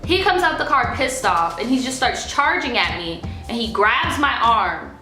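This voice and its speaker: A woman's voice: a little high, sing-song, moderate pace, pushed and bright. A young woman vlogger telling a personal story in a blunt, profane, casual way, acting out what was said. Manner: blunt and profane, acting out quoted lines with rising emotion. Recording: echoey room with faint music.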